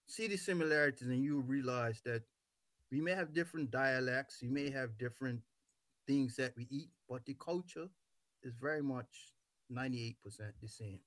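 A man from Bermuda hosting a casual talk show conversation, speaking deliberately and stressing words by stretching them. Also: medium pitch, fairly bright tone, no echo. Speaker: host.

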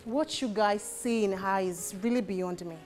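A woman playing an overbearing sister who talks in a shrill, accusing way. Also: moderate pace, a little mellow, soft background music, lightly acted.

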